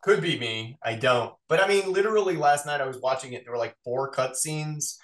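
Man, voice actor guest, casual chat, animated and rambling, middle pitch, roomy echo. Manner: animated, rambling, quick asides.

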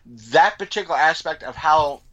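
Bright-voiced man chatting on a podcast. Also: fairly high pitch, moderate pace, lo-fi sound. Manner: animated, acts out quoted lines. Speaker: podcast co-host. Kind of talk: casual chat.

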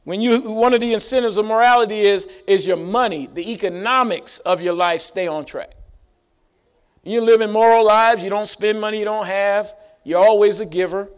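Man, lively pastor preaching, high-pitched, rising emphasis for the congregation. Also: moderate pace, clean tone. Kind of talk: sermon. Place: church sanctuary.

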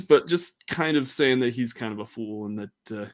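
A man runs a tabletop game as its narrator. His voice sits at a middle pitch, and he rambles along, restarting his sentences often. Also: moderate pace. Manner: rambling, many fillers and restarts. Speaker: game master.

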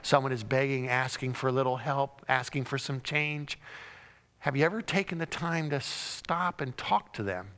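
A man's voice: medium pitch, normal speed, fairly bright tone. A man preaching a sermon, telling the story dramatically and acting out the cries and crowd lines. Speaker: pastor. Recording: long hall reverb.

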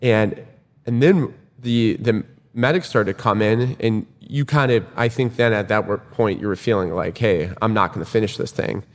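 A man's voice: lowish voice, moderate pace. A man casually retelling a race to a friend, acting out what people said. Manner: animated retelling, acts out quoted lines. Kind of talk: casual storytelling chat. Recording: room with long reverb.

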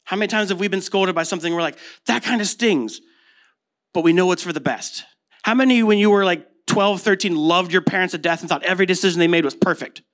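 A man's voice: sits high, fast, fairly bright tone. A man in his thirties with an American accent, preaching a casual sermon full of stories and rhetorical questions. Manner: conversational storytelling with rhetorical questions. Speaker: pastor.

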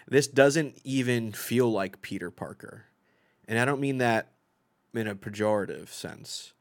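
A man sharing opinions in a casual review chat, relaxed and reflective. His voice sits somewhat low.

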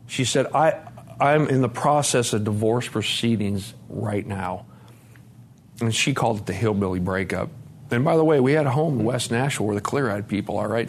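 A man giving a candid personal testimony at a conference, dropping to a hush and then rising loud and laughing. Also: mid-range voice. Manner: candid, swings between hushed and loud, laughing. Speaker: speaker sharing his recovery story. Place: conference hall.

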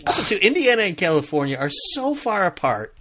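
A man's voice: sits high, very animated, fast, heavy background noise. A man hosting a podcast, chatting casually and laughing often about a TV show. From US Midwest. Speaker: podcast host. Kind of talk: casual chat.

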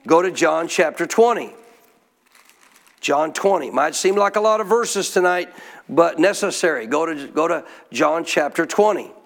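A man's voice: on the high side, expressive, measured pace. A man preaching a sermon in a church, putting questions to the congregation and drawing answers back in call-and-response. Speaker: pastor.

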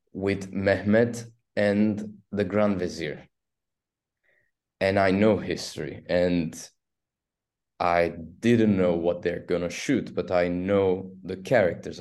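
A man from Turkey with a Turkish accent, an actor telling stories in an interview, halting and restarting as he goes. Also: low voice. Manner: halting, restarts often, animated storytelling. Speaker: actor guest. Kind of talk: casual interview storytelling.

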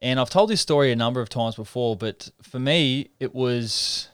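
A man tells his story in a reflective, earnest way. His voice is smooth and resonant, recorded close and dry. He stops and restarts often while he talks in a casual interview. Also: medium pitch, normal speed, no room sound. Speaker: interview guest, professional rugby league halfback.

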